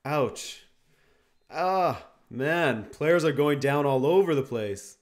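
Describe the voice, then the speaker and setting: A man's voice: on the high side, takes it slowly. A young man from Canada hosting a live watchalong, casually answering viewer questions and reacting to the game. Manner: relaxed, reads viewer questions, reacts to play. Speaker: watchalong host. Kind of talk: casual live-stream chat and match commentary.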